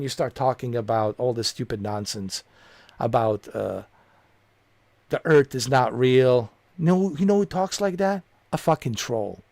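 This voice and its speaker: A home streamer on a close desk mic lashes out at a viewer in an angry, profane, repetitive tirade, openly confrontational. The recording is dry, and his mid-range voice has a darkish tone.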